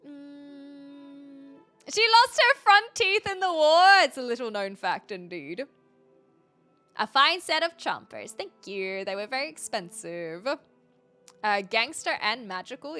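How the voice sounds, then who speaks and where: An American woman with a sharp, fairly high voice streams a game, chatting casually. She laughs often and answers her chat while commenting live.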